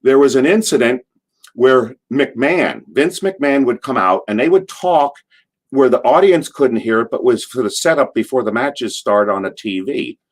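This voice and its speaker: A middle-aged man, a former wrestler, telling stories in an interview, rambling through asides and acting out what people shouted. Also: medium pitch. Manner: animated, acts out quotes in a loud, drawn-out voice. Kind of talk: casual anecdotal storytelling.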